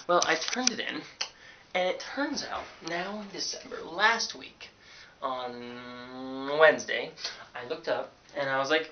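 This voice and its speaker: A young man, a college student, telling a sarcastic, animated story in a casual vlog from his dorm room. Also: medium pitch, normal speed. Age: young adult. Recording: dull lo-fi webcam audio with hiss.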